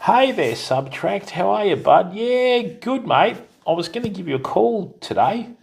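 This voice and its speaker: An Australian man who hosts a fishing stream chats casually with viewers during a live broadcast, his high voice sing-song, measured, and creaky. He is friendly, greets viewers by name, and calls people mate and bud.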